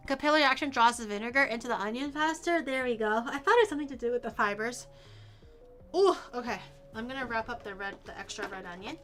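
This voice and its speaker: Woman streamer cooking at home, bright-pitched, rambling and chatty, curses freely, faint music underneath. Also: quick pace. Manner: chatty, rambling, swears casually, explains as she goes. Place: home kitchen.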